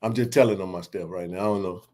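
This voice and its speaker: Laughing, animated man telling stories. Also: low-pitched, quick pace. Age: 40s. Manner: laughing, animated storyteller with slang. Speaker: sports podcast host. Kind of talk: casual storytelling chat.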